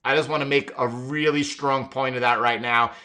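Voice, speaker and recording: A man's voice: medium pitch, fairly even intonation, moderate pace, pushed and bright. A man hosting a live trading stream, talking emphatically and often repeating and restarting his words. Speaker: trading livestream host. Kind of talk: live market commentary.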